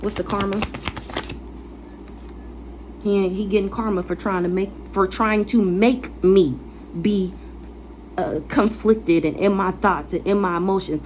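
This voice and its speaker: A woman's voice: mid-range voice, steady tone, measured pace, pauses often, background noise. A woman tarot reader ranting casually, blunt, defiant and profane, repeating phrases for emphasis.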